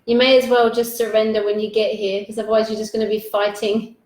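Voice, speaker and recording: A woman's voice: mid-range voice, level tone, fast, a little mellow. A woman hosting a live interview, gushing and effusive, reading out viewer comments in a casual, swearing-friendly way. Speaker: host. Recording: echoey room.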